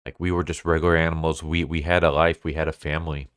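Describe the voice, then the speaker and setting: A man voicing a rebellious male supersoldier deer who urges his friend to rebel, spoken in his own low, smooth voice as a comic recap. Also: level tone, quick pace, dry recording, studio quality. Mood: urgent.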